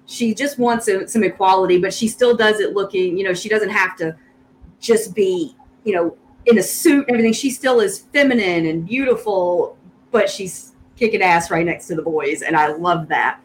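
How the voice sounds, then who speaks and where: A woman's voice: mid-range voice, normal speed, slight background noise, rough recording. A woman with a Southern US accent in casual podcast chat, talking eagerly and laughing often. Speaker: podcast co-host.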